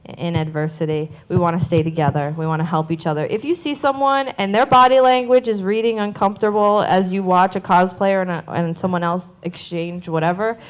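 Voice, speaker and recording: A woman's voice: on the low side, fairly even intonation, a little fast, few pauses, smooth. A woman hosting a convention panel, speaking encouragingly to the audience about community. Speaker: panel host. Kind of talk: leading a panel discussion.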